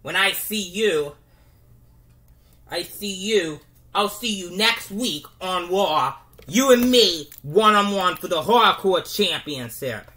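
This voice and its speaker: A narrator voicing a boastful male wrestler, loudly calling out a rival. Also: medium pitch, takes it slowly, long pauses. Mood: cocky. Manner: cocky, loud trash talk.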